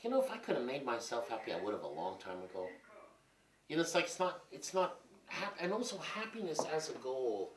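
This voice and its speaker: Here a man in his fifties, medium-pitched and brisk, spins candid, profane, wandering anecdotes with plenty of animation. The sound is distant and roomy.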